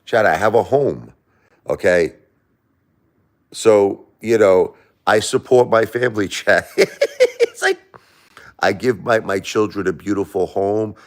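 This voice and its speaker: A man with an East Coast American accent hosting a casual live stream from his home, talking emphatically and repeating himself. He has been sick for a few days and swings between loud protest and soft blessings. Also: fairly low pitch, measured pace. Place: at home by a Christmas tree.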